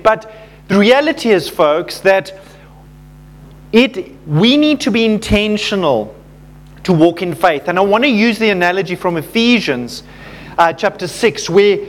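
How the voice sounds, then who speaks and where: A man with a notably high voice delivers a sermon to a congregation. He talks casually, with plenty of fillers, and turns personal stories into gentle lessons. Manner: conversational, self-deprecating storytelling with fillers. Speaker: pastor.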